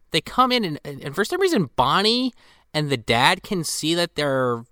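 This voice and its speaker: A man's voice: on the high side, big pitch swings, normal speed, sharp tone, clean tone, dry recording, clean studio sound. A man in casual podcast chat, recapping a film with many "you know" fillers. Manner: hesitant, lots of "you know". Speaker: podcast co-host.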